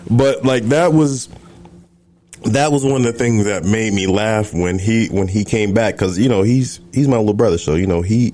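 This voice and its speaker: A man's voice: mid-range voice, mellow. A man who is a podcast guest, telling a story in a laid-back, casual and profane way.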